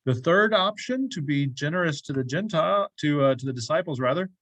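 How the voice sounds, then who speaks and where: A man's voice: on the high side, expressive, fairly quick, fairly bright tone, dry recording. A man leading a church bible study group, talking casually, asking the group questions and making joking asides. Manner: conversational, asks the group questions, jokey asides. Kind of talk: casual teaching talk. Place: church classroom.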